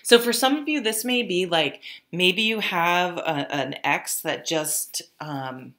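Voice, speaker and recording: Low-voiced woman giving a chatty tarot reading. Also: slow pace, a bit bright. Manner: chatty, many fillers and restarts; laughs at her own stories. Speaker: tarot reader.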